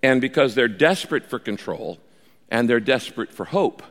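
A man preaching a sermon as a pastor, telling the story in a lively way and acting out the quoted speech. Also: mid-range voice, normal speed, long reverb tail.

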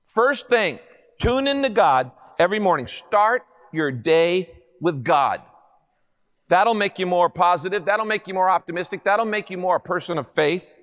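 A male pastor delivers a sermon with a notably high-pitched voice. He keeps it lively and humorous, throwing rhetorical questions at his listeners. The sound carries a long reverb, as in a large church hall. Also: moderate pace.

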